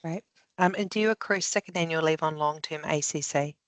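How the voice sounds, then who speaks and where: A webinar moderator reads audience questions over a video call, with brisk, upbeat acknowledgements. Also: medium pitch, no echo.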